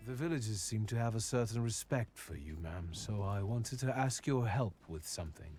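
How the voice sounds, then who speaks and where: An actor playing a polite, soft-spoken wanderer in a video game who asks villagers for help. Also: male voice, fairly low pitch, lively intonation, moderate pace, soft background music, lightly acted.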